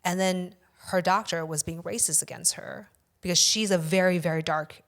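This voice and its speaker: A woman with a somewhat low voice tells a long story as a podcast guest. She is casual and rambling. She swears often for emphasis. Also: steady tone, normal speed.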